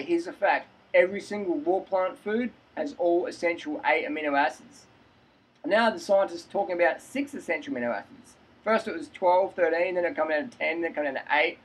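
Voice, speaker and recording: A man's voice: fairly high pitch, breathy edge, rough recording. A man telling a story in a casual vlog, acting out both sides of the conversation and laughing often. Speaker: fitness vlogger.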